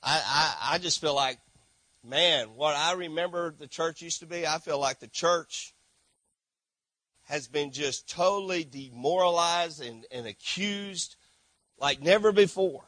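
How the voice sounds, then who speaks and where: A middle-aged man preaching with a high, bright voice, with a tone that sits above most men's. He tells his stories animatedly, dropping to hushed asides and then rising to shouts. The sound is dry and close, with almost no room echo. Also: measured pace. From Texas. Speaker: missionary preacher. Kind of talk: sermon.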